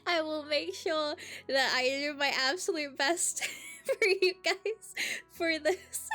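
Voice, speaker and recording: Australian woman streamer, unhurried casual chat, high bouncy voice, giggly, faint music underneath. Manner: giggly, swears freely, excitable.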